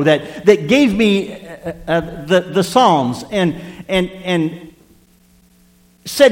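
A man's voice: high-pitched, lively intonation, measured pace, big-room sound. A middle-aged male pastor preaching a sermon, emphatic and repetitive, reading scripture aloud.

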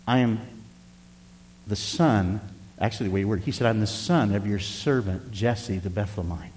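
Older man, pastor, folksy sermon, swings from loud to soft, long reverb. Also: on the low side, moderate pace. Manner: folksy, varies loudness for emphasis, occasional chuckles.

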